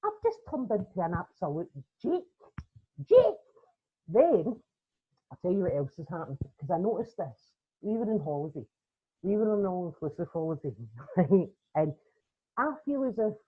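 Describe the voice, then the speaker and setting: Brief: Glaswegian woman comic, husky, conversational stand-up, tinny line. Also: on the low side. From Scotland. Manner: punchy, conversational storytelling with tag questions. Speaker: comedian guest. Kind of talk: stand-up routine.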